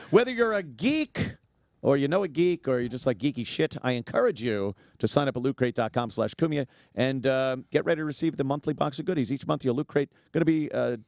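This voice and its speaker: A talk show host riffing through a live ad read, laughing at his own asides. His voice sits a little high. The sound is dry and close, with no room in it. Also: creaky, dry recording. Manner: jokey, laughs often, rambling ad read. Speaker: podcast host. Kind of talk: casual chat and live ad read.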